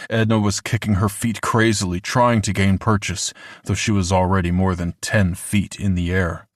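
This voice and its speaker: A man reading a horror audiobook in a measured, deliberate way, slowing down for the grim moments. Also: fairly low pitch, no echo, studio quality. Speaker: audiobook narrator. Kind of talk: scripted horror narration.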